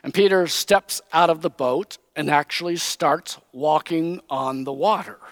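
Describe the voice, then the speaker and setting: A man preaching a sermon, teaching slowly and with emphasis, raising his voice when he quotes. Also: on the high side, no room sound. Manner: slow, emphatic Bible teaching, quoting figures in raised voice.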